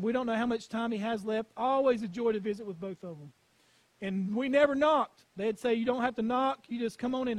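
A man's voice: very high-pitched, dry recording, rough recording. A male pastor preaching a sermon, telling stories and stressing points with repeated phrases.

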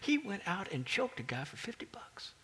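A stern, wealthy master who scolds his servant harshly and hands out punishment, dropping at times to a hushed, hard whisper, as a preacher puts him on. His voice moves in animated swings. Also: high-pitched, moderate pace, pitched above the performer's own voice, low-quality recording. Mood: scolding.

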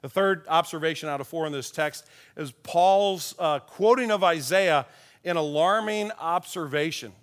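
High voiced pastor guy, chatty sermon, tells stories, goes soft and quiet on the big points. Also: moderate pace. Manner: folksy, tells personal stories with chuckles. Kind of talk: conversational sermon.

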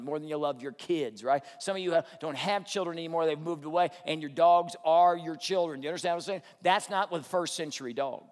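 Animated male preacher in a reverberant hall. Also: a little high. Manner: animated preaching, rhetorical questions to the congregation. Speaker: pastor. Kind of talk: sermon.

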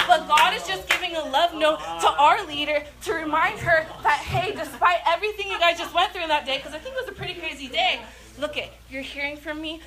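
A woman giving an excited, passionate church message, chatty and laughing often as she speaks. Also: high-pitched. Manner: chatty, many fillers. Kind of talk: prophetic activation message.

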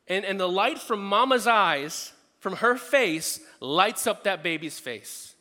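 A man's voice: high voice, expressive, takes it slowly, hardly any pauses, bright, forceful tone. Earnest preaching man in a reverberant hall. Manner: earnest, conversational preaching with frequent restarts. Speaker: pastor. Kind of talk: sermon.

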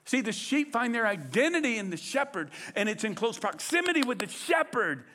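A man preaching a sermon in an animated, conversational way, swinging his delivery for emphasis. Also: very high-pitched, a little fast. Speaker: pastor.

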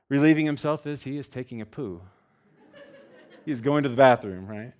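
A man preaching a sermon, reading scripture and explaining it in a jokey, animated way, sometimes acting out scenes with loud shouts. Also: medium pitch, normal speed. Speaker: pastor.

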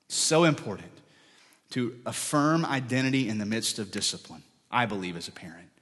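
A man preaching a sermon as pastor, dropping to soft, whispered lines when he speaks for God. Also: mid-range voice, normal speed, slightly rough, long reverb tail.

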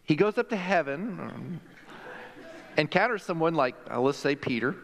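A male pastor preaches with a slightly higher voice than most men, talking to his congregation in a loose, conversational way and leaning hard on his key points. A long reverb trails each phrase through the sanctuary. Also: expressive, normal speed. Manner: emphatic, conversational, with acted-out quotes. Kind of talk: sermon. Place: church sanctuary.

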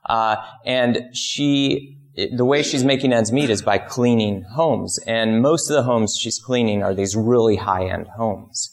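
A man delivering a relaxed, conversational sermon to a small congregation. His mid-pitched voice carries a gravelly edge, and he tells stories, leaping up in pitch when he acts out the people in them. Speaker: pastor.

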